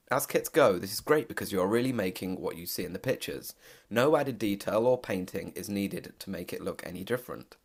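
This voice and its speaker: A man hosting a casual product review voice-over, talking in a candid, relaxed way with occasional hesitations. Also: on the low side, creaky. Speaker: host reviewing a model kit.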